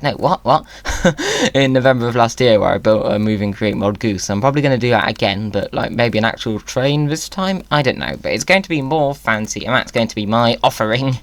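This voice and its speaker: A man's voice: fairly low pitch, fairly bright tone, dry recording. A young man recording a playful voiceover for his game video, rambling and joking at his own expense. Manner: chatty, rambling, self-mocking jokes. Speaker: Minecraft content creator. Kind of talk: playful let's-play voiceover. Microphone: voiceover mic.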